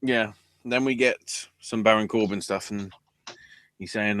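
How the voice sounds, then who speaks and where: A man's voice: on the low side, fairly even intonation, a little slow, a bit bright, no room sound. A man hosting a podcast, giving a rambling, sarcastic play-by-play recap with casual swearing. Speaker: podcast host.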